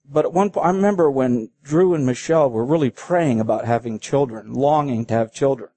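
A man preaching a sermon in an earnest, halting way, slowing down to read quoted passages. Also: mid-range voice, mellow, no room sound. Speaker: pastor.

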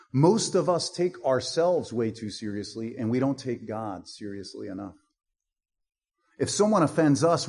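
A man's voice: medium pitch, darkish tone, slightly rough. A male pastor preaching a sermon in a blunt, punchy way, with mocking asides.

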